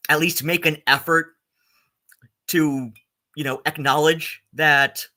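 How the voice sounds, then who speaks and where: A man streaming rambling, sarcastic commentary, halting on constant ums and likes. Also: medium pitch, bright, forceful tone. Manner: filler-heavy, halting, with many ums and likes; sarcastic and exasperated.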